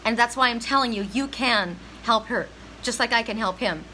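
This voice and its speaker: A woman's voice: on the high side, moderate pace, sharp tone, slight background noise, poor audio. A middle-aged woman giving a heartfelt, emphatic spiritual reading to viewers on a live stream. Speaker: psychic reader.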